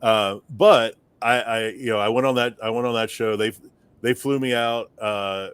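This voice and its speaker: A man hosting a podcast, asking relaxed questions full of fillers. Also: lowish voice, moderate pace, smooth, dry recording. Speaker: podcast host. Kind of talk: casual interview chat.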